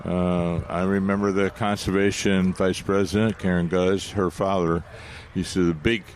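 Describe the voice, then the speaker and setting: Deep-voiced man, halting radio garden chat. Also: flat delivery, a little hiss or hum. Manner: halting, many restarts, explanatory. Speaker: radio garden show co-host. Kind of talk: casual call-in radio chat.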